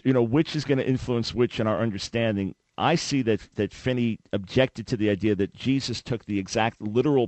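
A man hosting a radio debate with a caller, talking fast and often restarting his words as he jumps in. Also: fairly low pitch, darkish tone, dry recording. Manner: interjecting, repeats words when starting a thought. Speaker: radio show host.

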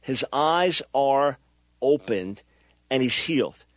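A man's voice: medium pitch, animated, slow pace, dry recording. A middle-aged man hosting a radio talk show, preaching with impassioned, emphatic delivery and acting out the people he quotes.

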